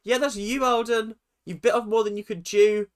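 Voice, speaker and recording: A man talking casually through a reaction video, chatty and animated, laughing often and breaking into exaggerated outbursts. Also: sits high, moderate pace.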